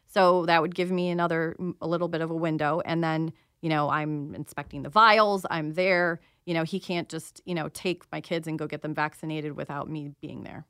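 Low-voiced woman telling her story. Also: fairly even intonation, moderate pace, few pauses, fairly bright tone, clean tone, dry recording, clean studio sound. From Pennsylvania. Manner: earnest, uses many fillers. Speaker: guest. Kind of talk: casual radio talk.

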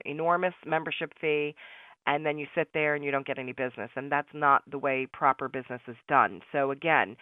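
Radio host, upbeat sales pitch, chatty, narrow phone-like sound, dry with no room echo. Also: clean tone. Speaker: radio host promoting a barter network. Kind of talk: promotional radio talk.

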